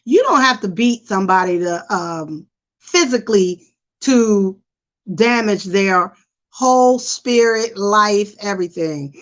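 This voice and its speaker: A woman hosting a casual live stream, chatting and reacting in an animated, talkative way. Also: mid-range voice, slow pace, highs cut off. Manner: chatty, animated, imitates voices for effect. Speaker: host.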